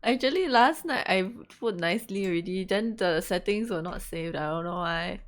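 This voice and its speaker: A woman's voice: mid-range voice, lively intonation, normal speed. A young woman hosting a casual live stream, flustered and laughing through technical trouble. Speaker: stream host.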